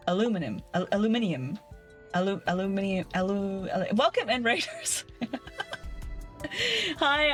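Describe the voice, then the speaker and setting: A young woman from New Zealand with a New Zealand accent, a giggly streamer chatting casually with her viewers from her desk. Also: fairly high pitch. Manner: giggly, chatty, laughs constantly. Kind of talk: casual chat with livestream viewers.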